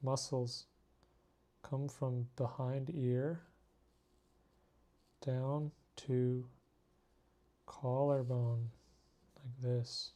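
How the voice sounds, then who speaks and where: A tired man drawing late at night who talks at a slow, unhurried pace. He names each part in terse single words and breaks off into self-mocking asides. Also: mid-range voice, little pitch movement, warm tone. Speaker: artist drawing on camera. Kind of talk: casual talk to himself while drawing.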